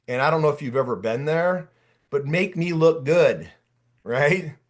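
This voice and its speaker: A man in his late fifties leads an online job-search workshop over a video call. He is chatty and fired up, calling on attendees by name. His voice sits a little higher than most men's. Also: unhurried. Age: 50s. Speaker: workshop coach. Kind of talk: energetic online workshop talk.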